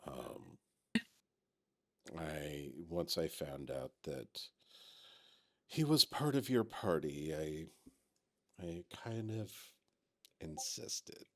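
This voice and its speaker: A man voicing a weary, regretful contact who speaks hesitantly and quietly. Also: extremely low pitch, big pitch swings, no echo, clean studio sound, pitched below the performer's own voice, exaggerated voice. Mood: subdued. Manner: hesitant, subdued, halting.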